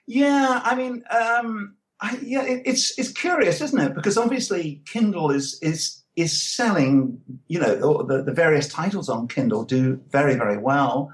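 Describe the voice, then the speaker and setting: A man's voice: a little high, a little slow, hardly any pauses. Hesitant older man, interview guest. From England, Anglo-Irish background. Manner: hesitant, many fillers and restarts. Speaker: guest comics writer. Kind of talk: casual interview talk.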